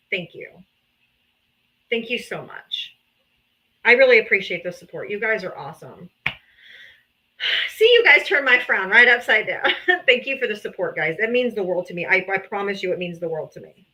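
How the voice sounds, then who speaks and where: Hosting a livestream on a streaming setup, a woman with a fairly high, sharp voice reads out donations and thanks her supporters. She sounds emotional and grateful, now and then laughing or sighing, in a casual stream of thank-yous.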